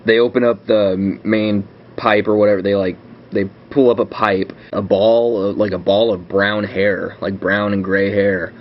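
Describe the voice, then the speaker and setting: A man's voice: fairly low pitch, little pitch movement, normal speed. A young man casually telling a home story with lots of fillers and restarts. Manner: rambling, filler-heavy, self-correcting. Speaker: vlog host. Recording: dull lo-fi webcam audio with faint hiss.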